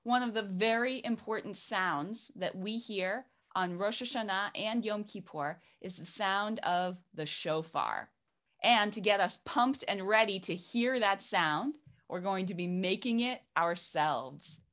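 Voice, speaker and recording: A woman's voice: mid-range voice, unhurried, fairly bright tone. A woman introducing the next part of a family service in an upbeat, encouraging way. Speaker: service leader.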